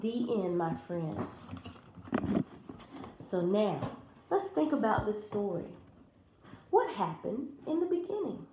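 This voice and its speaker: Slow, expressive woman teacher reading aloud. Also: a little high, noisy background. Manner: expressive and animated. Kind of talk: storybook read-aloud for children. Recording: roomy echo.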